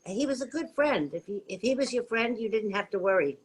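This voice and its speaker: A man tells stories about a late friend in an earnest, direct way. He speaks plainly in a relaxed group conversation. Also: high-pitched, fairly quick, slight background noise, low-quality recording.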